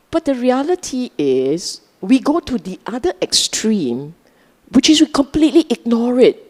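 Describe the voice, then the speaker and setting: A woman's voice: fairly high pitch, darkish tone, in a large hall. A woman with a Singaporean English accent gives a Sunday dharma talk to a live audience in a chatty, teasing way, often checking in with her listeners. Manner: conversational, teasing, asks the audience questions. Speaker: Buddhist dharma speaker. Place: large hall with a live audience.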